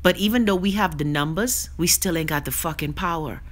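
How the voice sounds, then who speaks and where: A Bahamian woman hosts a live web show, reading viewer comments aloud and ranting about them bluntly and with plenty of profanity. Her voice is lowish and her delivery brisk.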